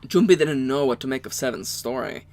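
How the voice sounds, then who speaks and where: A man co-hosting a let's play, reading the game's narration aloud with quick joking asides. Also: medium pitch, darkish tone, slight background noise.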